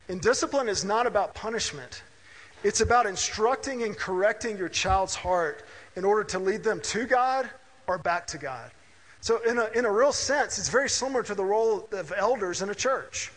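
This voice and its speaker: A man's voice: high voice, fairly bright tone. A middle-aged man from Mississippi preaching a conversational sermon, telling family stories and checking in with "right?". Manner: conversational, anecdotal, asks listeners "right?". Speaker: pastor. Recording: reverberant hall.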